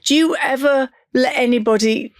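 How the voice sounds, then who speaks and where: A woman's voice: high voice, normal speed, no room sound. Woman, radio host, bubbly, effusive, dry studio sound. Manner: bubbly, effusive, laughs often. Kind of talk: casual radio interview chat.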